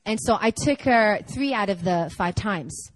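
A young adult woman preaching a conversational sermon, telling stories in a chatty, animated way full of "like" and laughter. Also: medium pitch, a little slow, no echo, low-quality recording.

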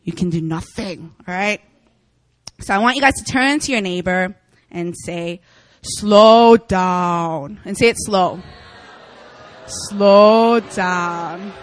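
A woman's voice: fairly low pitch, normal speed, no echo. Chatty young woman preaching with a dry sound. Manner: chatty, laughing, animated storytelling. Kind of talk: casual sermon. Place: church meeting room.

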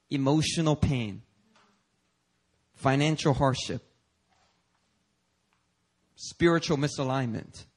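A man from Korea, preaching with a fairly high voice. He talks to the congregation like old friends, moving from loud emphatic phrases to soft, quiet asides. His stories carry a playful, laughing edge. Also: breathy edge. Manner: conversational and playful, telling personal stories with laughs. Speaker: pastor. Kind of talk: sermon.

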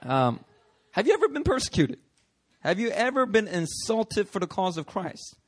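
A man preaching a sermon, animated and conversational, acting out voices in his stories. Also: high-pitched, moderate pace, breathy edge. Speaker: pastor.

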